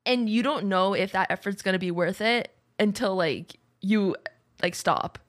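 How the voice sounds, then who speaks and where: A woman's voice: mid-range voice, measured pace. Easygoing young woman podcast co-host. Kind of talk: casual chat.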